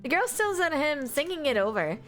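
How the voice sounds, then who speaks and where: A woman streamer playing a game live, reading its dialogue aloud and commenting with animated laughter, loud outbursts and swearing. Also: sits high, fairly quick, noisy background.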